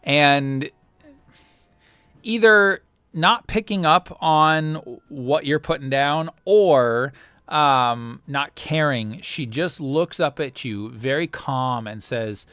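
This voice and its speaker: A man's voice: fairly high pitch, bright, forceful tone, clean tone, no room sound. A man running a tabletop role-playing game as game master, narrating with many fillers and restarts. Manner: halting, full of fillers and restarts.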